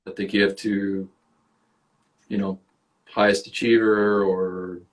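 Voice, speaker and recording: A man's voice: on the low side, level tone, takes it slowly. A man with a Canadian accent, an actor and guest on an interview podcast, tells casual stories and swears freely. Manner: swears freely, storytelling with acted quotes.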